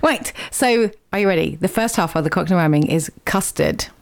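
A woman's voice: lowish voice, normal speed, gravelly. Chatty woman radio presenter. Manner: chatty, laughs easily. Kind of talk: casual radio chat.

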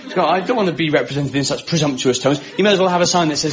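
A man performing a stand-up comedy monologue with a dry, wry delivery, pausing for laughs. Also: a little high. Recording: muffled live recording with background noise.

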